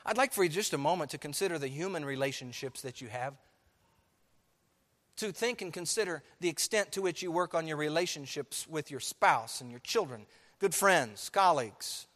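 A man preaching a sermon to his church, emphatic, swinging from soft to loud. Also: a little high, animated, moderate pace, long reverb tail. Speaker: pastor. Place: church sanctuary.

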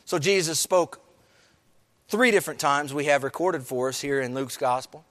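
A man preaching in a church, his voice pitched high for a man and carried by a long hall reverb. He moves from hushed, low lines up to raised, emphatic ones as he speaks to the congregation. It has the sound of a live sermon. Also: normal speed. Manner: preaching, rising and falling with emphasis, addresses the congregation. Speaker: pastor.

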